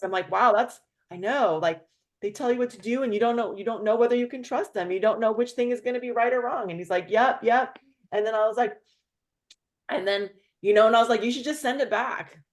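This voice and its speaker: A woman hosting a casual chat, telling a story with lively, acted-out quotes of other people. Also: on the high side, a little fast. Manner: animated storyteller, acts out quoted voices. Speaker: host.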